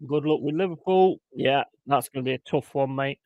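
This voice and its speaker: A man's voice: medium pitch, fairly quick, darkish tone, no echo, muffled recording. A man hosting a fan watchalong, calling the match and bursting into swearing, exasperated rants. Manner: swearing, exasperated ranting outbursts. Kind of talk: live match commentary and chat.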